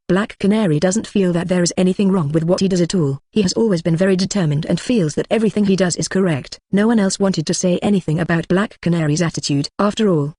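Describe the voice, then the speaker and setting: A text-to-speech voice narrating a translated web novel as an audiobook, with a flat, even delivery that reads punctuation aloud. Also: mid-range voice, dry recording, studio quality. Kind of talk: scripted narration.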